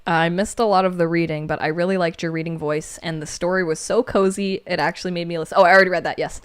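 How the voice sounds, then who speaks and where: A woman co-hosting a livestream, reading viewer comments aloud in casual chat. She laughs often and jumps to squeaky exclamations. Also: steady tone, fast talker, clear, resonant tone. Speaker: livestream co-host.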